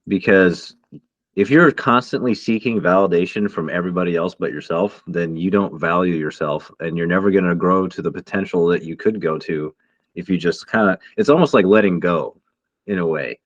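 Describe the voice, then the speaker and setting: A man's voice: low voice, normal speed, no echo, lo-fi sound. A man co-hosting a podcast in a casual chat, talking reflectively and searching for his words. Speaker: podcast co-host.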